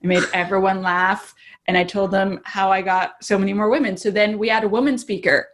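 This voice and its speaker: A woman telling a story in casual chat on a video call, lively and laughing often. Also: mid-range voice, fairly quick. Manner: animated, acts out quoted voices, laughs often. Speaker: guest.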